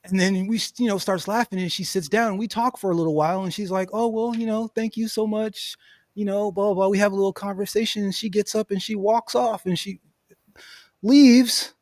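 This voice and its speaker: High-voiced man telling a story. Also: fairly quick, dry recording. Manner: animated, laughs often, says "bro" and "you know what I'm saying". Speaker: podcast host. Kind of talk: casual storytelling chat.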